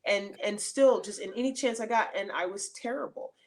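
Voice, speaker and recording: A middle-aged woman, an interview guest, telling stories in a casual, animated way with many fillers and restarts. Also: mid-range voice, moderate pace.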